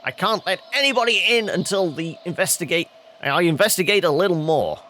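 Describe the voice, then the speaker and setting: A man's voice: high voice, animated, a little fast, bright, forceful tone, a little hiss or hum, pitched above the performer's own voice. A man reading a game's lines as a stern cemetery guard warning children away.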